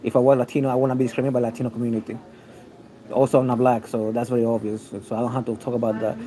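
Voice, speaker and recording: A man's voice: mid-range voice, flat delivery, racing, mellow, slight background noise, poor audio. A man with a mixed New York City accent giving a rambling, opinionated talk on a livestream, full of restarts and fillers. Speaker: online video host.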